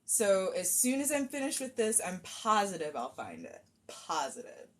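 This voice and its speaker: A woman's voice: mid-range voice, sing-song, normal speed. A woman chatting casually on a cosplay live stream, rambling and self-deprecating while she fixes a wig at home.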